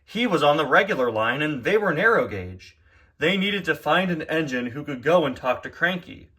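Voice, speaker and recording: A man's voice: fairly high pitch, animated, moderate pace, sharp tone. A man narrating a toy-train parody story in an offhand, jokey way.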